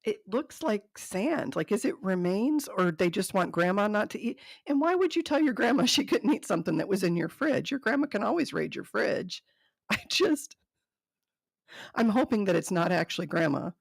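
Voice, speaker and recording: Amused woman with a gravelly, lively voice. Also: mid-range voice, moderate pace, dry recording. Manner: amused, laughing often; dry commentary between readings. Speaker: host. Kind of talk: casual reading of funny notes.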